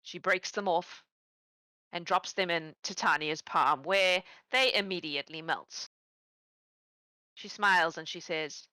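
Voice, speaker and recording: A woman narrating as game master of a tabletop game, telling the story in a relaxed, playful way. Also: on the low side, measured pace, long pauses, no room sound, low-quality recording.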